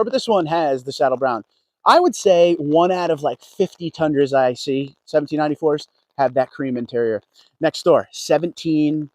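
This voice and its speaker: A man with a slightly high voice hosts a relaxed livestream as he strolls a dealership lot outside, welcoming viewers by name and chatting with them. He's a car vlogger, and the recording is dry.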